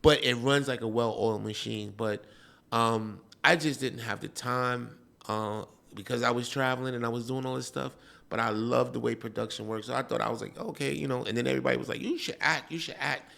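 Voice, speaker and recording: Gravelly New man hosting a chat. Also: mid-range voice, steady tone, a little fast, fairly bright tone. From Queens, New York. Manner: rambling storyteller, lots of "you know". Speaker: host. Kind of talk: casual interview chat.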